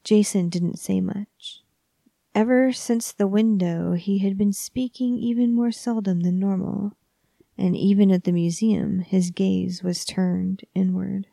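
A woman narrating a horror story in a soft, hushed, often whispery voice, measured and calm. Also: mid-range voice, vocal fry, no echo.

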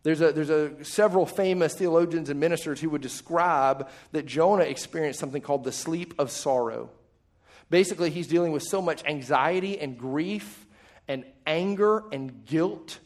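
A male pastor preaching a sermon in a conversational way, with quick asides and jokes. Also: a little high.

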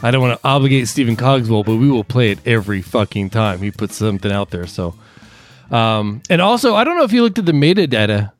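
A man's voice: medium pitch, animated, quick pace, faint music behind. Profane, joking podcast host man. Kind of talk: casual podcast chat.

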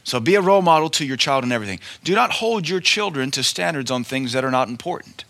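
A man delivers a sermon with a bright, forceful voice that cuts through. He preaches emphatically and tells folksy stories. He hammers his points home by repeating key lines. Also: mid-range voice, animated, quick pace.

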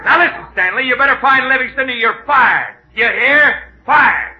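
A man's voice: very high voice, lively intonation, moderate pace, dull audio. A man voicing a blustering male newspaper boss who barks orders, in 1930s radio comedy. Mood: bossy. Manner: bossy, gruff commands. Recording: scratchy 1930s radio broadcast.

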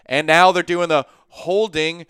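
A man co-hosting a sports talk podcast, chatty and animated, spinning stories and asides. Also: fairly high pitch, unhurried, clear, resonant tone, no room sound, clean studio sound.

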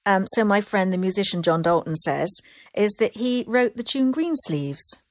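Woman, Bristol accent, fast chatty storyteller, interview guest. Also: medium pitch, animated. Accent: Bristol English. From Bristol, England. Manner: quick, chatty, laughs easily. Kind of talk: casual storytelling chat.

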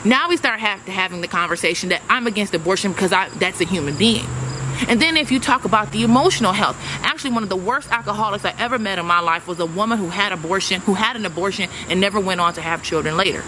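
A man's voice: high voice, quick pace, noisy background. A man making an emphatic argument in a played interview clip.

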